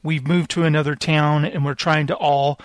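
A man in casual chat, telling a lively story and acting out the lines of the people in it. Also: on the high side, moderate pace, no echo.

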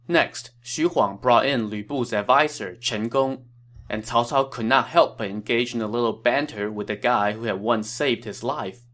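A man hosting a podcast, reading scripted historical narration in a steady, measured way. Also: mid-range voice.

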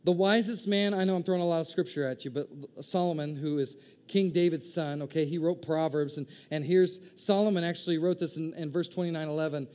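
A man preaches a sermon in a lively, joking way, slipping into quick impressions of people in his congregation. His voice sits high for a man, and he pushes it higher when he gets excited. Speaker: pastor.

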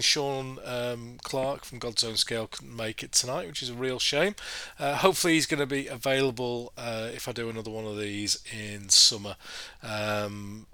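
Yorkshire guy hosting his podcast, bright voice, dry close sound, lots of ums. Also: mid-range voice, dry recording. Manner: jokey, chatty, lots of ums. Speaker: podcast host. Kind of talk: casual podcast intro.

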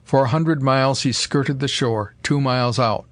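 A man narrating an old adventure story in a steady, measured reading voice. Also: medium pitch, no echo. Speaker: audiobook narrator. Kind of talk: scripted narration.

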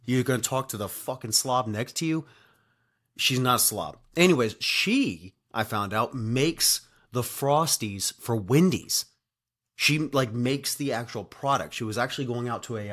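A man's voice: medium pitch, expressive, moderate pace, a bit bright. A man with a mid-range voice spins a loose, casual travel story. He swears freely, circles back on himself and keeps checking in with the listener. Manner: rambling and profane, heavy on fillers and "right?". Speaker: podcast host telling a travel story.

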